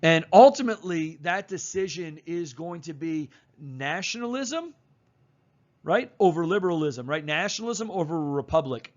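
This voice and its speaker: A man's voice: on the high side, expressive, normal speed, muffled recording. A man teaching a history lesson in a casual, chatty way, with slang and fillers. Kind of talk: casual recorded lecture.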